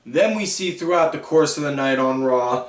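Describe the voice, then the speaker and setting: A man hosting a wrestling podcast, recapping shows in a rambling, casual way full of fillers. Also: on the high side. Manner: slow, drawn-out, rambling delivery with frequent fillers. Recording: echoey room, far from the mic.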